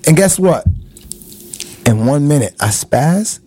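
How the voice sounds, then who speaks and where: A middle-aged man in casual chat, animated and laughing often, acting out loud quotes. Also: a little high, slow pace.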